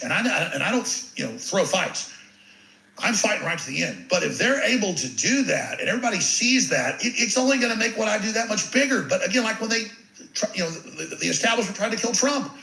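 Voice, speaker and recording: A man with a gravelly, bright-edged voice sitting a little high, delivering an intense, ranting monologue as an interview guest. He stacks repeated words as he presses forward, and the sound has a roomy echo around it. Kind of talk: impassioned monologue.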